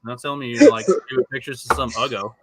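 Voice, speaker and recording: A man co-hosting a casual talk stream, animated and crude, with many filler words. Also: mid-range voice, quick pace, crowd noise. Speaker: podcast co-host. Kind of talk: casual chat.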